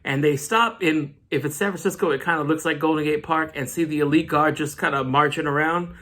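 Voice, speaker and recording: A man's voice: a little high, steady tone, brisk, sharp tone. A man recapping a comic book issue in a casual vlog, with joking, slangy asides.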